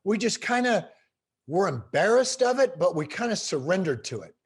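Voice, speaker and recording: A middle-aged man telling stories as an interview guest, animated and emphatic. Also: sits high, normal speed, breathy edge. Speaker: guest speaker. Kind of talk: storytelling in a podcast interview.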